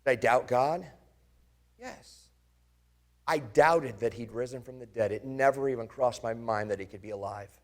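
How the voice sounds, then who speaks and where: Briskly and with hardly any pauses, a man in a mid-range voice, lightly acted, delivers a first-person dramatic sermon as the disciple Thomas, an earnest grown man. The pastor speaks with passion in a reflective mood, turning to listeners with searching questions.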